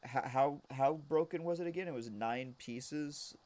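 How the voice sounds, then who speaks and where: A young man streaming a game, casually telling a rambling story with lots of restarts, now and then shouting a punchline. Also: on the high side, measured pace. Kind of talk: casual storytelling while gaming.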